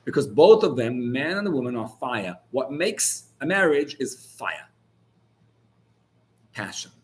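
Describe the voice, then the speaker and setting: A man's voice: medium pitch, very animated, measured pace. A man, a rabbi, giving an informal Torah class in a searching, conversational way, full of restarts, that builds to heated emphasis on key words.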